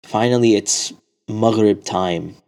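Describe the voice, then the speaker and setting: A preacher telling a religious story in a sermon, slipping into the voices of the people in it. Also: male voice, lowish voice, slow, darkish tone. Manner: dramatic storyteller acting out quotes.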